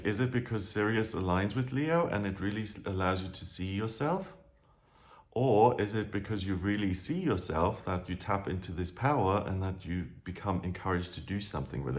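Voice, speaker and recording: A man's voice: low voice, darkish tone. A man giving a casual, chatty astrology talk, drifting into side remarks and restarting his sentences. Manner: chatty, digressive, with frequent restarts.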